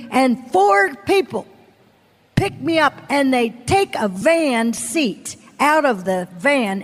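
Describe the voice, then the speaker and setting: A woman preaching a sermon as a personal testimony, telling her story dramatically and acting out the people she quotes. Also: high-pitched. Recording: long hall reverb.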